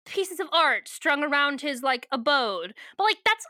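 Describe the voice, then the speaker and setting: A woman's voice: high voice, sing-song, measured pace, pushed and bright, no room sound. A young woman co-hosting a podcast in casual chat, rambling through a book recap, swearing freely and laughing often.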